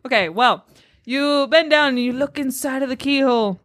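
A woman's voice: high-pitched, moderate pace, a bit bright. A woman running a tabletop game as game master, narrating loosely and laughing often. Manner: giggly, loose and joking.

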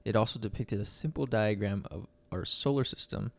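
A man's voice: on the low side, a little fast, creaky. A young man co-hosting a podcast, chatting casually with fillers and reading news articles aloud. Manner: relaxed, rambling with fillers. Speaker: podcast co-host.

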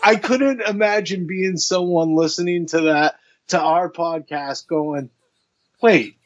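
A man's voice: a little high, a little slow, lo-fi sound. Profane, laughing podcast host man. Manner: profane, laughs often, animated retelling. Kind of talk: casual podcast banter.

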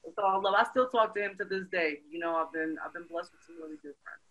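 Bright-voiced Brooklyn storyteller woman. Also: lowish voice, quick pace, dull audio. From Brooklyn, New York. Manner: lively storyteller, many "you know"s. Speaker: guest. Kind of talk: casual interview storytelling.

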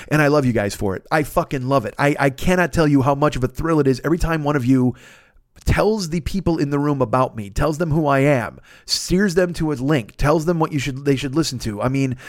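Fast-talking, excitable podcast host man. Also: a little high, no room sound, studio quality. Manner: rambling, profane, excitable, frequent restarts. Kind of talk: casual solo podcast monologue.

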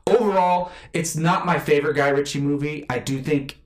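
A man's voice: a little high, normal speed, reverberant. A man casually chatting about movies as a podcast co-host, rambling with lots of fillers and restarts.

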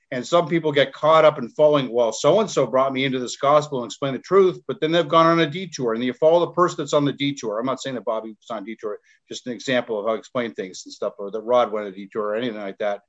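A man's voice: fairly high pitch, muffled recording. A man preaching earnestly in an online Bible class, repeating himself as he exhorts the listeners, while ill with covid. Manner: repetitive, earnest exhortation with stumbles.

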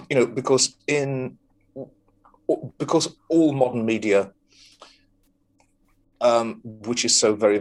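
A man co-hosting a podcast, chatting casually about a TV episode, rambling with lots of ums, restarts and swearing. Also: fairly low pitch. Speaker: podcast co-host. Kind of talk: casual film review chat.

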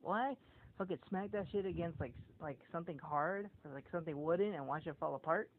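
A man's voice: fairly high pitch, brisk. A man in casual podcast chat, telling rambling, profane stories and acting out what people said. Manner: profane, rambling storyteller who acts out quotes. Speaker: podcast co-host. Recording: tinny phone-like audio with faint noise.

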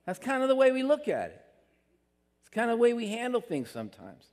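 A man's voice: very high voice, wildly swooping pitch, a little fast, darkish tone. A man preaching a sermon in an earnest, conversational way, with emphatic rises on his key points. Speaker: pastor. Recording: long hall reverb.

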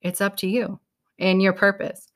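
A woman's voice: medium pitch, monotone, normal speed. Young new woman, peppy motivational podcast talk, casual, swears a bit. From New England. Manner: upbeat, casual, swears now and then. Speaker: podcast host.

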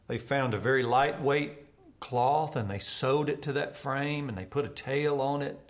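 An earnest male pastor delivers a sermon for a church broadcast. He tells stories at a mid-range pitch and often lets his voice fall quiet and soft for the tender parts. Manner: earnest storytelling preacher, voice dropping soft for tender moments.

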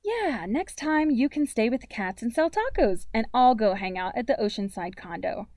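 A woman's voice: on the high side, lively intonation, normal speed, darkish tone, no echo, voice pushed up. A woman voicing a sarcastic, wistful teenage girl in a storybook reading. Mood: wry.

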